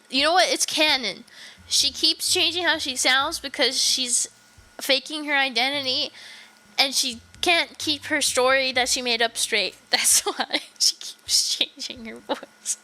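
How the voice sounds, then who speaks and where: A woman's voice: high voice, measured pace, bright, forceful tone. A woman from Canada, a streamer giving casual gameplay commentary in a blunt, joking way with swearing.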